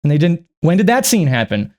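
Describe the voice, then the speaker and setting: A young man with a slightly high voice ranting casually about a movie. He rambles and swears freely, and he keeps breaking into jokey impressions. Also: sing-song, brisk, a little mellow. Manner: rambling, profane, jumps into mock impressions. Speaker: youtuber reviewing a film. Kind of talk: casual comedic movie rant.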